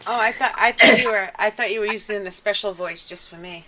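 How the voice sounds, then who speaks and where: A woman co-hosting a chat show, teasing and offhand, often trailing off quietly. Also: mid-range voice, fairly quick, a crowd in the background. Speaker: podcast co-host. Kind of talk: casual chat. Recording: dull lo-fi stream audio.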